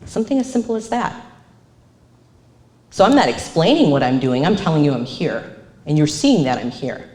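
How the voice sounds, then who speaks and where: Woman counselor presenting live, lower voice, roomy sound, acts out examples. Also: moderate pace, long pauses. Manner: animated, acts out quoted phrases. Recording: echoey room.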